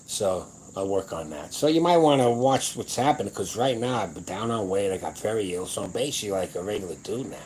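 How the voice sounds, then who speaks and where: A gruff older man in his seventies with a very low voice, rambling on in a casual livestream. He talks in a blunt, boastful way and swears freely, with a faint hum of noise behind him. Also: lively intonation, brisk, hardly any pauses, darkish tone, low-quality recording. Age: 70s. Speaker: powerlifting channel host.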